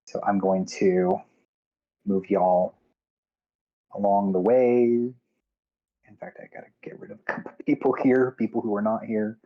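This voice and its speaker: Male game master, unhurried halting narration, dull lo-fi sound. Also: fairly low pitch, level tone.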